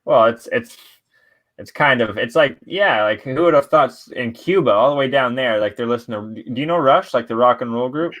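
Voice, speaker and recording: A man's voice: mid-range voice, a little fast, fairly bright tone, muffled recording. A man from Canada hosting a podcast, chatting casually with lots of swearing and laughter. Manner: laid-back, profane, laughs often. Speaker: podcast host. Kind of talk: casual chat.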